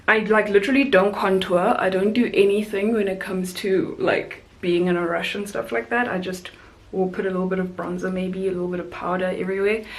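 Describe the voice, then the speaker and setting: A young woman from South Africa, a flight attendant vlogger, chatting casually and animatedly while doing her makeup. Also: slight background noise. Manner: chatty, animated storyteller, rising high for quoted voices. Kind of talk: casual makeup chat and storytime.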